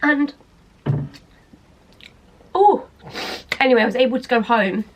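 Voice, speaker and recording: A woman's voice: on the high side, animated, a little slow, noisy background. Rambling young woman vlogger. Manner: rambling, hesitant, self-interrupting. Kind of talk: candid personal talk to camera.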